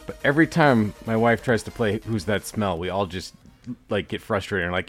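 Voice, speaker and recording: A man's voice: lowish voice, animated, normal speed, faint music behind. A middle-aged man co-hosting a podcast, rambling and poking fun at himself in casual banter. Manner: self-deprecating, rambling, drops into soft mumbles. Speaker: podcast co-host.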